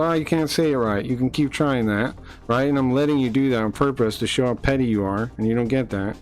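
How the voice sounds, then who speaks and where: A man's voice: mid-range voice, darkish tone. A man streaming, ranting at his chat in a blunt, profane, mocking way and repeating himself when heated. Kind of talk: livestream chat rant.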